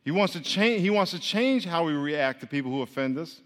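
A man preaching a lively, interactive sermon, playfully teasing the congregation and leading them in repeat-after-me chants. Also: a little high, brisk. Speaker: pastor. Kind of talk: interactive sermon with call-and-response. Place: church hall. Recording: long hall reverb.

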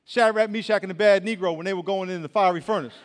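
High-voiced youth pastor in a reverberant hall. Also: male voice, fast talker. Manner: animated storytelling, swings from loud to hushed; colloquial, says y'all. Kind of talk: sermon. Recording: long reverb of a large hall.

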